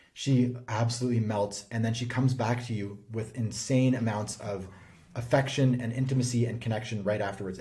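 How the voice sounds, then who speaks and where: An earnest male relationship coach talking straight to camera, pressing his points with steady conviction. His voice is mellow and dark in tone, set at an ordinary mid pitch. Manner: earnest, emphatic, persuasive. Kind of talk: direct-to-camera advice talk.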